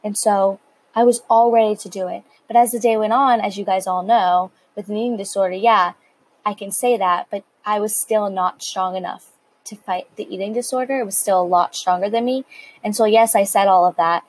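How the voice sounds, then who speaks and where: A late-teen girl opens up to her viewers in a personal confessional. Her voice is soft and breathy, sitting at an ordinary middle pitch. She rambles candidly, restarting her sentences and filling them with likes. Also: fairly even intonation, a little fast, low-quality recording. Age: late teens. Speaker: vlogger.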